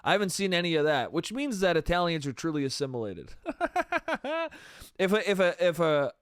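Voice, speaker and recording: A man's voice: sits high, very animated, moderate pace, a bit bright, clean tone, dry recording, studio quality. Rambling solo podcast man saying dude. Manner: rambling, says "dude" and "bro" a lot, swearing. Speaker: podcast host. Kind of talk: solo comedy podcast monologue.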